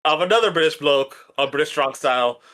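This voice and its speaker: A man's voice: a little high, a little fast, a crowd in the background. A man co-hosting a podcast, chatting casually and rambling with lots of fillers. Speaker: podcast co-host. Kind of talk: casual chat.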